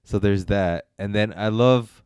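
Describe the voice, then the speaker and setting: A man's voice: on the low side, a little slow, a little mellow, smooth, dry recording, clean studio sound. A man co-hosting a casual film review chat, rambling and hesitant with many fillers and restarts. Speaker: podcast co-host reviewing films.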